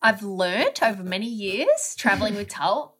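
A young woman with a mid-range voice and a bright, clear tone, speaking on a podcast. She tells her side of the story in a calm, steady way, keeping her voice even and unhurried. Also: medium pitch. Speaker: podcast co-host. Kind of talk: casual podcast chat.

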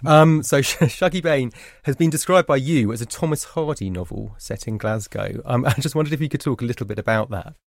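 A man with a London accent interviewing an author, quick and chatty with fillers. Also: medium pitch, lively intonation, creaky, no echo, clean studio sound. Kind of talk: literary interview.

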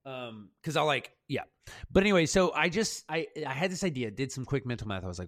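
A man talking casually on a podcast, telling stories with a lively, swooping delivery. His voice is mid-pitched, and the recording is dry and up close. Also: fast, no room sound. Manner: animated, rambling storyteller. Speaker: filmmaker, podcast co-host. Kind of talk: casual chat.

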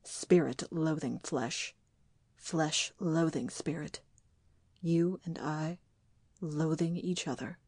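A woman reading an audiobook, voicing a grim man named Oscar who speaks of hell slowly and bleakly. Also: sits low, fairly even intonation, a little mellow, no room sound, studio quality. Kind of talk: audiobook dialogue.

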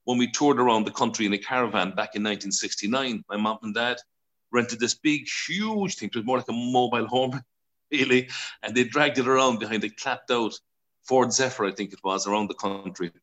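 An Irish man in his sixties, a broadcaster telling stories as an interview guest, chatty and quick to laugh, acting out voices as he goes. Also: mid-range voice, a bit bright. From Ireland. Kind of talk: casual storytelling interview.

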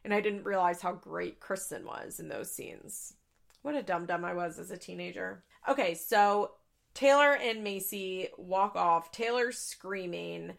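A young adult woman hosting a podcast, recapping in a chatty, profane, casual way with quick asides into a studio mic. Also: fairly low pitch, vocal fry, a bit bright. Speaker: podcast host.

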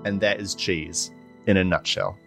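A man's voice: sits low, steady tone, unhurried, gravelly, a bit bright. A man, a tabletop game player, describing his character in a rambling casual way. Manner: rambling, many fillers and restarts. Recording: music playing underneath.

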